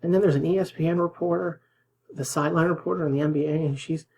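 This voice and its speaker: A man's voice: on the high side, steady tone, fast, vocal fry, a little mellow, a little hiss or hum, low-quality recording. Indignant man ranting over clips. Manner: indignant, sarcastic, drops to a whisper for emphasis. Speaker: political commentary host. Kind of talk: reacting to news clips.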